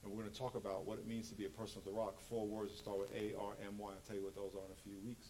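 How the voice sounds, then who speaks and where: A man preaching a sermon as pastor, animated and joking, acting out quotes. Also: lowish voice, racing, slight background noise, rough recording.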